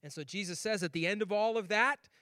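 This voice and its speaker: A man's voice: high voice, fast, sharp tone, no echo, clean studio sound. A man preaching a sermon as pastor, telling stories animatedly with acted voices and laughs.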